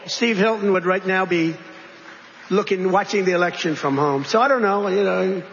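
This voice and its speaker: A man delivers a loose, digressive speech in a high-pitched voice, circling back to repeat himself and tossing rhetorical questions at the room. The sound is muffled and lo-fi, with a long reverb tail from a large hall and a faint hiss underneath. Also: normal speed, creaky, a bit bright. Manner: digressive, repetitive, conversational asides and rhetorical questions. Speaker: politician addressing a crowd. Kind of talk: rambling campaign-style speech. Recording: dull, reverberant hall recording with faint noise.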